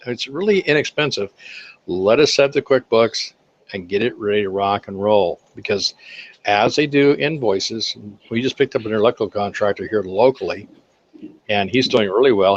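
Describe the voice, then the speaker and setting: Folksy older man telling business stories. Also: mid-range voice. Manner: folksy, animated anecdotes with acted-out quotes. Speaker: guest, accounting firm owner for contractors. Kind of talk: casual interview storytelling. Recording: slightly dull lo-fi sound.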